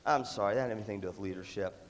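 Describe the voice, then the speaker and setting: A man giving a humorous talk on leadership, telling stories and acting out voices in an animated, jokey way. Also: on the low side, racing. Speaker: leadership speaker. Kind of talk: humorous storytelling talk to an audience. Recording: echoey hall, faint background noise.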